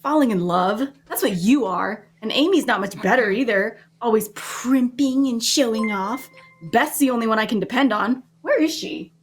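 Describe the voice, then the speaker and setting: A woman's voice: a little high, moderate pace, slightly rough, faint music behind. A woman voicing a brash, hot-tempered tomboy young woman with a blunt, defiant manner, in a comic reading of a radio drama. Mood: gruff.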